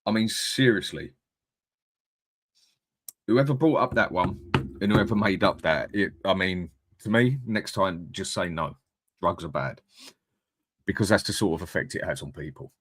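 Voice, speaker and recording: Bloke ranting on his live stream, lowish voice, dry close mic, blunt and chatty. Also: animated, normal speed, a bit bright, no echo. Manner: blunt, chatty, reads out viewer comments. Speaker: fan channel host. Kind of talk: casual live-stream chat.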